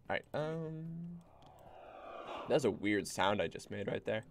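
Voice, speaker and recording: A man's voice: lowish voice, sing-song, slow pace, pauses often, over music. A man streaming a strategy game, rambling casually and bossing his units around with the odd swear. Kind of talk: casual gameplay commentary.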